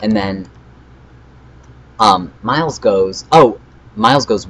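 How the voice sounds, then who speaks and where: A teenage guy vlogger casually recapping a drama story, rambling with fillers and flatly reading out chat messages. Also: on the low side, slow, long pauses, breathy edge, highs cut off. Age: teens.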